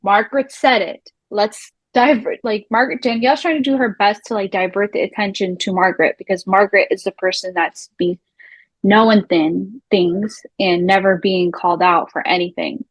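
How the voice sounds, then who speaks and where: A woman's voice: medium pitch, fairly quick, husky, no echo, poor audio. Woman chatting in a dry, close sound. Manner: animated, swears casually, mimics the people she quotes. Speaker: recap show co-host. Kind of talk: casual TV recap chat.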